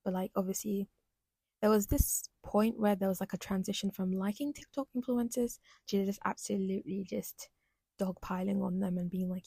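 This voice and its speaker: A woman's voice: mid-range voice, normal speed, creaky, dark tone, husky, no echo. A young woman hosting a solo podcast, talking in a rambling, chatty, self-deprecating way. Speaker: podcast host. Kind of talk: casual solo podcast monologue.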